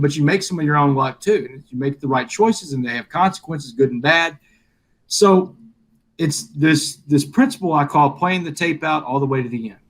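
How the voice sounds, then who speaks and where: A middle-aged man, a guest in a live interview, telling a personal story and acting out the dialogue. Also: on the high side. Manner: animated storyteller, acts out quoted dialogue.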